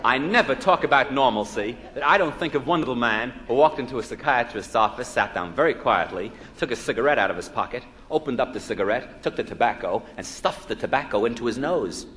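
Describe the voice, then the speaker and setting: A man's voice: medium pitch, lively intonation, fairly quick, hardly any pauses, fairly bright tone. A man from the United States lectures on psychology with a comedian's timing, his voice rising and falling freely as he tells jokes and quizzes the audience. It sounds like a 1961 live LP, with a long hall reverb and a faint hiss underneath. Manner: joke-telling, quizzing the audience with rhetorical questions.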